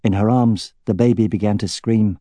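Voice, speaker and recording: A man narrating an audiobook in an even, measured reading. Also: lowish voice, no room sound.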